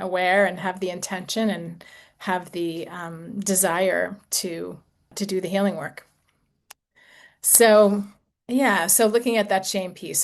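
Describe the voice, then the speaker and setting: Gentle woman in her sixties, coaching. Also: lowish voice, vocal fry. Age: 60s. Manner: gentle, reflective, conversational with fillers. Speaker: intimacy coach. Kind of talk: talk to a group.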